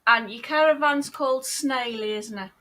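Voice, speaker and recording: A woman's voice: sits high, moderate pace, a loud crowd. A woman co-hosting a casual live-stream chat, bubbly and teasing, laughing often. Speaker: co-host of a live chat show. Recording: faint background noise.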